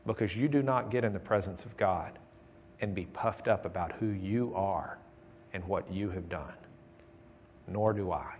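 A man preaching a sermon in a folksy, conversational way, telling jokes and moving between loud emphasis and quiet, intimate passages. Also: fairly low pitch.

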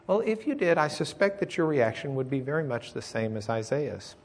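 Guy preaching a sermon, folksy and chatty, mid pitch, gets loud then goes quiet. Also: sing-song, brisk. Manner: folksy, tells jokes, swings from loud emphasis to quiet.

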